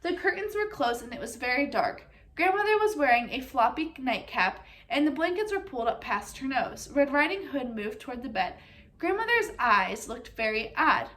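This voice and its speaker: High-voiced woman reading a storybook aloud. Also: normal speed. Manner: expressive, asks listeners questions. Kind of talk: children's storybook read-aloud.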